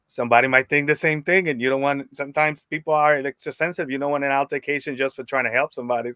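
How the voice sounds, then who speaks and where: A man's voice: mid-range voice, steady tone, quick pace, bright, forceful tone, clean tone, no echo. A man from New York, a wrestling photographer, talking easily as a podcast guest. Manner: easygoing, rambling with fillers. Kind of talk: casual interview chat.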